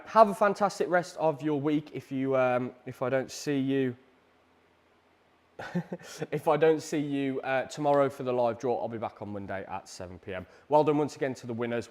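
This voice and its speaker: A British man hosting a live prize draw stream, chatty and energetic, with a salesy push and frequent ums. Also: medium pitch. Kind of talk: upbeat live-stream announcements.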